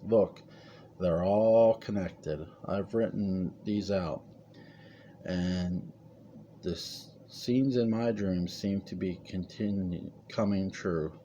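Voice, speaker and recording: A man's voice: sits low, takes it slowly, dark tone, muffled recording, a little hiss or hum. A man reading the lines of a frightened elderly woman in her eighties, a family matriarch who pleads urgently. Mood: pleading. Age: 80s.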